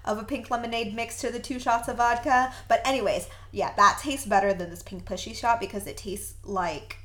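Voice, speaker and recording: A woman's voice: fairly high pitch, steady tone, brisk, a bit bright. A woman co-hosting a podcast in casual chat, gushing and laughing often. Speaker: podcast co-host.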